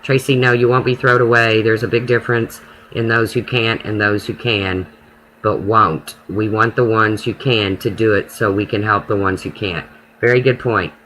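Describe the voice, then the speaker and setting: A man's voice: fairly low pitch, fairly even intonation, moderate pace, bright, forceful tone, slight background noise, low-quality recording. A man running a casual live stream, talking to his viewers and answering their comments by name in an emphatic, preachy way.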